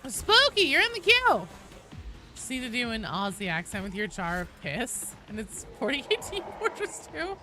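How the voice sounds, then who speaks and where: A woman in her thirties streaming a game live, chatting with her viewers in a lively, joking way with loud outbursts. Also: a little high, moderate pace, faint music behind. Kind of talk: live-stream chat while gaming. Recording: game sounds and noise behind voice.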